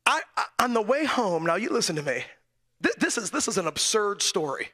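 A male preacher with a high, bright voice tells a story from the pulpit. He chuckles often and backs up to restart his phrases as the tale builds. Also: a little fast. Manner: animated storytelling, frequent chuckles and self-corrections. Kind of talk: storytelling sermon. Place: church.

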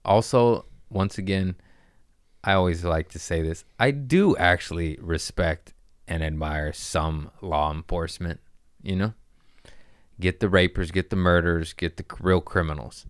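A man hosting a podcast, telling rambling, profane, animated comic stories in casual chat. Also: low-pitched, measured pace, no room sound, clean studio sound. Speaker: podcast host. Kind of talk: casual comedic storytelling.

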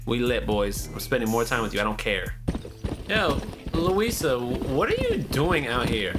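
A man giving casual commentary over a video game, excitable and profane, with sudden shouted outbursts. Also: mid-range voice, unhurried. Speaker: gaming YouTuber. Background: game music and horse hooves.

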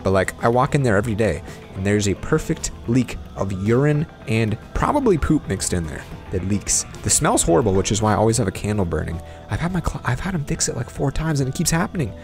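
A young man giving casual let's-play commentary on a game, excitable and exasperated, rambling on between hushed mutters. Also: mid-range voice, brisk, few pauses. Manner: drops to hushed, whispery mutters while sneaking. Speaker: gaming YouTuber. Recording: game music playing underneath. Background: game music.

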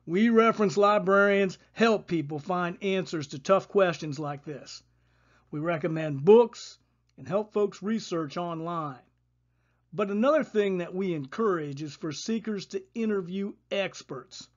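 A storyteller voicing a tall, friendly male librarian with a deep voice who explains things patiently. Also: unhurried, lo-fi sound, lightly acted.

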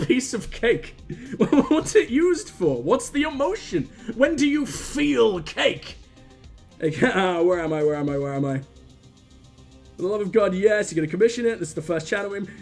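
Brief: male streamer, high voice, profane running jokes, faint game music underneath. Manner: profane, joking, rambling asides. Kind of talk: live gameplay commentary.

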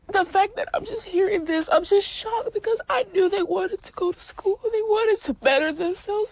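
A woman's voice: very high-pitched, normal speed, hardly any pauses. A woman in a documentary interview, crying and apologizing as she speaks. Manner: tearful, apologetic.

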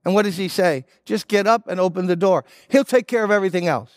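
An older man preaching a sermon as pastor, speaking earnestly and pleading directly with listeners, then leading them in a slow prayer. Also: high-pitched, no room sound, clean studio sound. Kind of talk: sermon with altar-call prayer.

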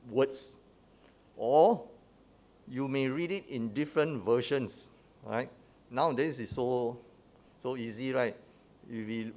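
A man preaching at mid pitch in a chatty, teaching manner. He keeps checking in with the congregation with quick tag questions. He often restarts and repeats words as he goes. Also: a little mellow, slight background noise. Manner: conversational, checks in with "huh?" and "right?". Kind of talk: teaching sermon.

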